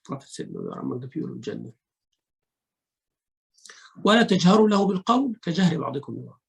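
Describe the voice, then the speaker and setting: Gravelly-voiced man teaching a sermon. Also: fairly high pitch, wildly swooping pitch, racing, low-quality recording. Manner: mixes Arabic recitation into English teaching, acts out rude and polite speech. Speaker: sheikh teaching Quran commentary. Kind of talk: religious lesson.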